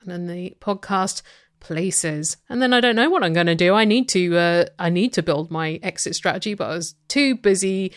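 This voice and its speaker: A woman's voice: fairly low pitch, normal speed. A woman co-hosting a podcast in casual chat, with dry, sweary humor. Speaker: podcast co-host.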